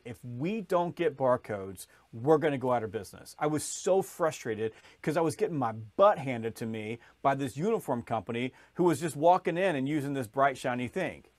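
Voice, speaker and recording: A man telling a sales story in conversation, animated, acting out other people's voices as he goes. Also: dry recording. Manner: lively storyteller, acts out voices, rises in pitch when excited. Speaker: podcast guest, sales author.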